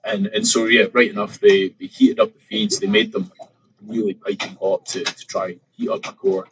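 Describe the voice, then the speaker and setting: A man with a low voice, chatting as a podcast guest. He retells a story in a lively way, acting out his own thoughts, with plenty of ums and likes. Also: normal speed, poor audio. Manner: animated, retelling with quoted inner thoughts and many fillers. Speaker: podcast guest, open water swimmer. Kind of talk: casual interview storytelling.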